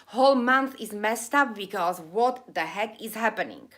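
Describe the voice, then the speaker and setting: Woman livestreaming, worked up and ranty, talks with her accent, reads chat comments out loud. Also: mid-range voice, expressive, normal speed. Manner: emotional, ranting, speaks with an accent she calls funky. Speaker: livestream host reading viewer chat. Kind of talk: heated live-stream chat.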